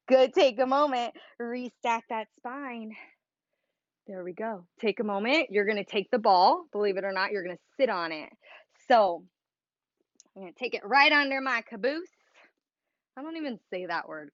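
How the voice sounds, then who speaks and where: Upbeat pilates lady cueing a workout, kinda high voice, dull audio. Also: a bit bright, no echo. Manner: upbeat, encouraging, playful cueing. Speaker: Pilates instructor. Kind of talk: guided workout instruction.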